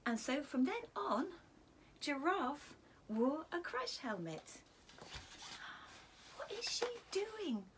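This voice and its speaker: Animated woman reading a story to children. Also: high voice, noisy background. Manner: animated, asks children questions, often drops to a whisper. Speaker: teacher. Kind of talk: reading a picture book to children.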